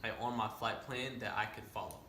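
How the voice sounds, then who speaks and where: A man, a student pilot, telling a story in a casual way, rattling off radio calls in quick aviation jargon and explaining the terms. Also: fairly low pitch, steady tone, echoey room, background noise. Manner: explains terms to a listener, often asking "right?".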